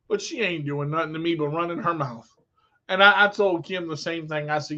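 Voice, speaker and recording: A man's voice: on the high side, brisk, sharp tone, highs cut off. A man vlogging in a candid, blunt monologue, telling personal stories with emphasis.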